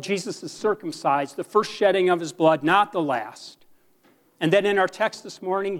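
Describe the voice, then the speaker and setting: A male pastor preaches from the pulpit of a church, slow and earnest. His voice sits a little high for a man, and he lets dramatic pauses hang between phrases. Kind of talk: sermon.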